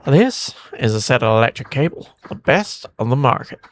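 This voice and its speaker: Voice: mid-range voice, big pitch swings, normal speed, noisy background, lightly acted. Streamer putting on a cowboy robot merchant. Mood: haggling. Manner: put-on cowboy drawl.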